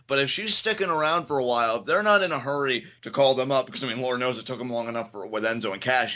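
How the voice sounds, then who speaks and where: A man co-hosting a wrestling podcast in casual chat, animated and quick to act out quotes in a higher voice. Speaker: podcast co-host.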